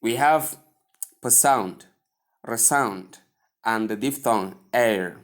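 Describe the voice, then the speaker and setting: Slow, earnest man teaching pronunciation. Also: medium pitch. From Nigeria. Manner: slow, repetitive, drills each word several times; earnest and gently urging. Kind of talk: slow instructional lesson over slides.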